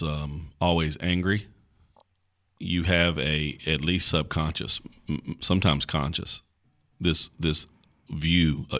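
A man, a pastor, chatting on a podcast, telling stories with many fillers and restarts. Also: very deep voice. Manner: storytelling, folksy and animated, with many fillers and restarts. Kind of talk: casual podcast conversation.

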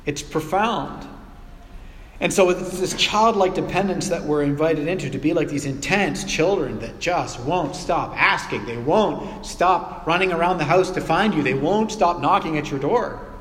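A man with a slightly higher-than-usual voice preaches a relaxed, conversational sermon from the front of a church. His words ring through a roomy hall with a long reverb tail, and everyday examples and playful asides keep it informal. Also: measured pace. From North America. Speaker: pastor. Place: church sanctuary.

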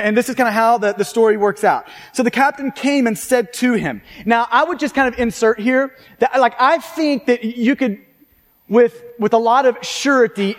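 High-voiced male preacher with hall reverb. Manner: conversational, frequent tag questions and restarts. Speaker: pastor. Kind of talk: sermon.

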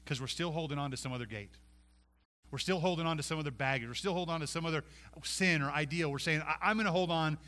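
A man delivers a sermon with a bright, forceful tone and a voice pitched a little high. He pleads and dramatizes, surging loud then dropping to a hushed intensity. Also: fast. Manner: impassioned, acts out pleading quotes, swings from loud to hushed. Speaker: pastor.

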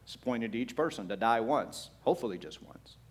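A man pastor preaching a sermon, swinging between quiet, low passages and loud, emphatic ones, with rhetorical questions to the congregation. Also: animated, a little fast, breathy edge.

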